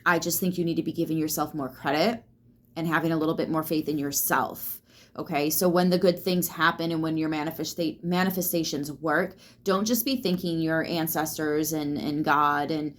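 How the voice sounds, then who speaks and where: A woman's voice: low voice, steady tone, normal speed. A woman giving a casual tarot reading, chatty and reassuring, swearing freely as she talks straight to the viewer. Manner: loose and chatty, swears freely, lots of fillers; reassuring, speaks straight to the listener. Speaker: tarot reader.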